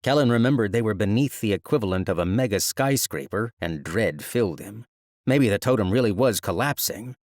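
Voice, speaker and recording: A man narrating a fantasy audiobook in a measured, even storytelling manner, recorded close on a studio mic. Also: fairly low pitch, no room sound.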